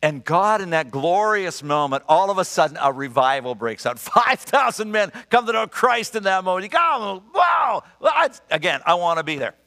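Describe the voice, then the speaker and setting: A middle-aged man preaching a sermon, telling stories in an animated, emphatic and earnest way. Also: high-pitched, moderate pace, hardly any pauses. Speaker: pastor. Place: church sanctuary. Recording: long reverb of a large church hall.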